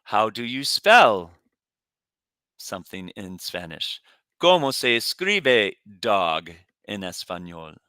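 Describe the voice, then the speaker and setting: A man teaching Spanish, reading vocabulary slowly in a lowish voice so students can repeat after him. His tone is bright and smooth, recorded close in a dry room. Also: big pitch swings, no room sound. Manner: pronounces words for students to repeat. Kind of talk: recorded classroom lesson.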